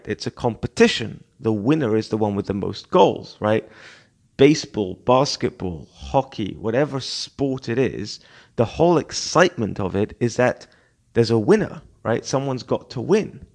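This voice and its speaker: Animated male podcast host. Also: mid-range voice, creaky. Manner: animated, rambling, many fillers and restarts. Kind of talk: casual solo podcast monologue.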